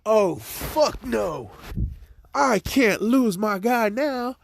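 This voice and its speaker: A man putting on a jealous, flustered teen girl with a squeaky high voice; dry room, drawn-out delivery. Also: huge pitch swings, dark tone, no room sound, full character voice. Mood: panicked. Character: flustered rich teenage girl, possessive.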